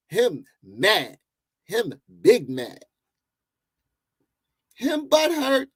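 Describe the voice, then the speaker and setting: A man's voice: high voice, wildly swooping pitch, slow pace, long pauses, slightly rough. A man giving mocking, laughing commentary as he reacts to a video clip.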